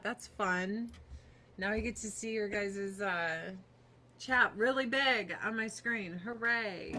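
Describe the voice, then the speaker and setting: A woman in her thirties talks to her stream from a cramped home office desk, swearing freely and sarcastic. Her voice is bright and lively, swinging widely in pitch, while she speaks at an unhurried pace. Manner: profane, sarcastic, animated. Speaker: livestreamer. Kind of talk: casual livestream chat.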